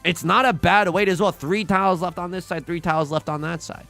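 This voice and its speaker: A man's voice: high-pitched, fairly even intonation, fairly quick, vocal fry, sharp tone, faint music behind. A young man streaming a tile game live, talking through each move and joking with his chat. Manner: playful, jokey, talks to chat.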